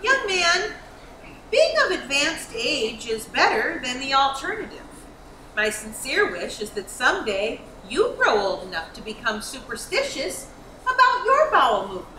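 A woman's voice: high voice, very animated, unhurried. A woman playing a prim, formal older clerk who lectures people, in a staged reading of a TV script. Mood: lecturing. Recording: echoey room, mic far, noisy.

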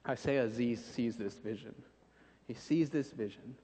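A man preaching a sermon in a church sanctuary, animated, acting out scenes and repeating phrases for emphasis. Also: mid-range voice, a little slow. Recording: dull recording with long church reverb.

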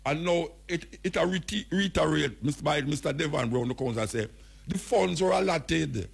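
A Jamaican man on a radio talk show delivers blunt, emphatic commentary and speaks straight at the officials he criticizes. His voice is gravelly and husky and sits a little high for a man. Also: normal speed. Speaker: radio host.

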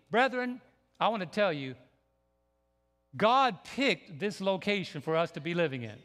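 A man preaching a sermon as pastor, emphatic and building to near shouts. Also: sits high, animated, measured pace, long pauses. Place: church sanctuary. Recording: long church hall reverb.

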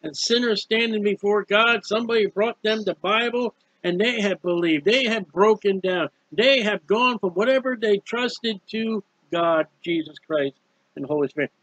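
A man's voice: high voice, moderate pace, a bit bright, dry recording, muffled recording. A man preaching about a hymn in an earnest, pleading way, repeating phrases as he urges listeners toward faith. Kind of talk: sermon-style hymn commentary.

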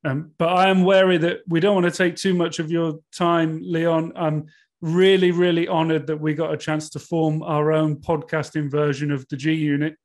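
Chatty British man with higher voice. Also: flat delivery, normal speed, a little mellow. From United Kingdom. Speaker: podcast co-host. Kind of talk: casual podcast chat.

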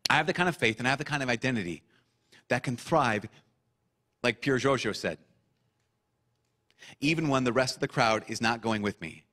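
A priest preaches passionately to young listeners, repeating phrases for emphasis before easing into a soft prayer. His male voice is medium-pitched and animated.

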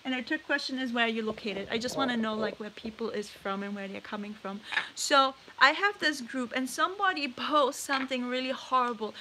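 A woman chatting casually on a livestream from her bedroom, cooing softly to her pet birds between remarks. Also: a little high, a little fast, low-quality recording. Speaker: parrot vlogger.

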